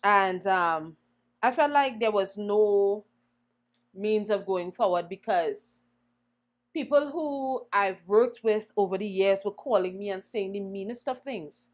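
A young woman singer, a guest in an interview, telling her story in an animated way and acting out the voices she quotes. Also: medium pitch, slow pace. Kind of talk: conversational storytelling.

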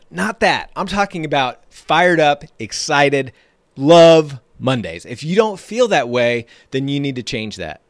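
A man's voice: mid-range voice, no room sound. Fired-up motivational man, dry sound. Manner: energetic, emphatic, repeats phrases for effect. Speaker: podcast host and trading coach. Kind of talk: motivational podcast monologue.

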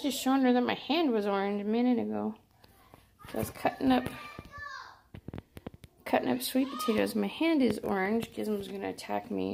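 A woman's voice: medium pitch, moderate pace, gravelly, pauses often, background noise. A woman in her home kitchen, casually chatting and laughing while she talks to her cats and films them. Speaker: vlogger filming her cats. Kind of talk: casual home vlog chat.

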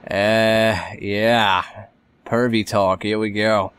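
Slow, low-ish male let's-play host; rambling, wry, faint noise. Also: little pitch movement, fairly bright tone, smooth. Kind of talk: casual gameplay commentary.

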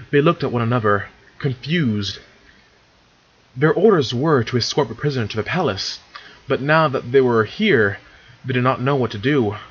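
A man's voice: mid-range voice, breathy edge, muffled recording. A man casually reading fan fiction aloud, stumbling over words and correcting himself as he goes. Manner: stumbling, self-correcting, chatty asides. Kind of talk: casual read-along narration.

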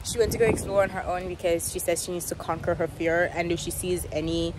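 A woman's voice: on the low side, level tone, fast talker. A playful young woman from South Africa chatting casually to camera in a vlog, recorded outdoors. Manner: playful, jokey, often puts on silly accents. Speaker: vlogger. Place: outdoors in a park. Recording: outdoor noise in the background.

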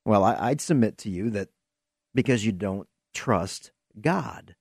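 A man's voice: on the low side, lively intonation, measured pace, gravelly, a little mellow, husky, no room sound, studio quality. A man hosting a podcast, giving an earnest, emphatic preaching-style monologue with vivid storytelling. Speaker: podcast host.

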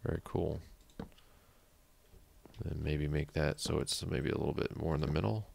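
Gaming host, male, deep with a creaky edge, rambles and mutters to himself. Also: moderate pace, a little mellow. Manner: chatty, thinks aloud, mutters counts under his breath. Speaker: let's play host. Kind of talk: casual gameplay commentary.

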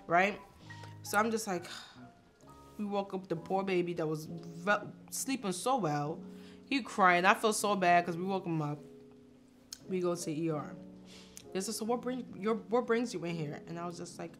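A young woman tells a story in a casual vlog, her voice sitting at an ordinary middle pitch. She jumps into the quotes of the people around her and laughs along the way. Faint music plays under her voice. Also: moderate pace. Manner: animated, laughing, acts out quotes. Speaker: vlog host.

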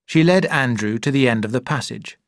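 A man narrating a story slowly and clearly for English learners. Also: mid-range voice, no echo, studio quality. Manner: clear, deliberate reading.

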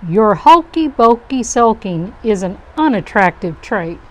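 A big eight-armed octopus who tells it straight, blunt and plain, as a woman reading aloud puts him on. Slow, deliberate storybook rhyme. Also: mid-range voice, sing-song, slight background noise.

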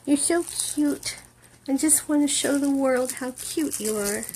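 A woman's voice: high voice, lively intonation, very slow, long pauses, mellow, a little hiss or hum. A woman dog breeder filming a puppy on her phone at home, chatting casually and cooing baby talk with frequent laughs.

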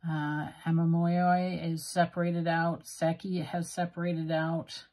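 Slow husky Western Canadian woman. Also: fairly low pitch, little pitch movement, darkish tone. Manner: slow, self-deprecating, musing aloud. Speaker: stationery video host. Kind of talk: casual narrated ink swatching.

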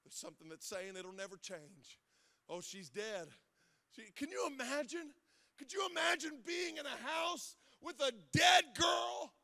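A male assistant pastor preaching an impassioned sermon, swinging from loud shouts to hushed tones with a sing-song cadence at the peaks. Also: very high-pitched, animated, unhurried, gravelly. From Ohio. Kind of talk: Pentecostal-style preaching sermon. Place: church sanctuary.

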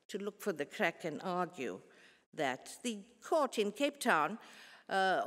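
Older woman lecturing. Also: mid-range voice. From South Africa. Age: 70s. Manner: measured, earnest storytelling with pauses and restarts. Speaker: guest lecturer. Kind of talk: formal public lecture. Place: large concert hall. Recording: long hall reverb.

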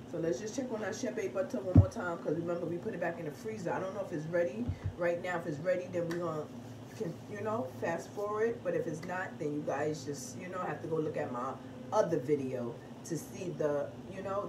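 A woman, pitching her homemade hair product in a casual vlog. She is emphatic, swears freely and keeps asking "okay?". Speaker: product seller. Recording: distant phone mic with room noise.

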